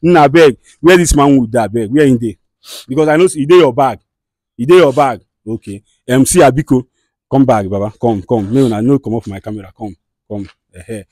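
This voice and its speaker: A man with a Nigerian accent who hosts a comedy skit, scolding and soothing people in fast, direct talk. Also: mid-range voice, darkish tone, no echo, clean studio sound. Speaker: skit host and mediator.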